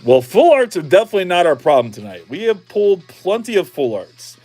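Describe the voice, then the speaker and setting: A man's voice: high-pitched, big pitch swings, brisk, few pauses, darkish tone, soft background music. A middle-aged man chatting casually on a livestream as he opens card packs, repeating himself and cheering on each card. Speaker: streamer opening card packs.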